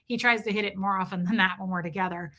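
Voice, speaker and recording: A woman's voice: mid-range voice, fairly even intonation, fast, bright, forceful tone. A woman in her forties chatting casually and crudely with viewers on a live stream, telling candid stories about herself. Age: 40s.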